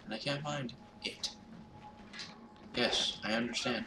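A young man commentating his gameplay, swearing and breaking into panicked shouts. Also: medium pitch, steady tone, slow pace, pauses often, distant mic. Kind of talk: let's play commentary. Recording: roomy, off-mic, noisy background.

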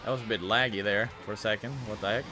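Excitable young-sounding gaming streamer man. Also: lowish voice, quick pace, faint music behind. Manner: excitable, yelps and groans at the game. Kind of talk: live game commentary.

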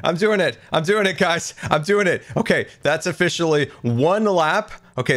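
A man's voice: a little high, brisk, hardly any pauses, fairly bright tone. A man giving casual, playful commentary over his game footage, giggling often and reading things out with theatrical flair. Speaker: Minecraft let's-play host.

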